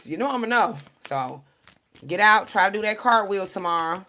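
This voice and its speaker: A woman, giving viewers a casual spiritual pep talk as a tarot card reader, animated and preachy, laughing often and swearing casually. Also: medium pitch, normal speed, background noise.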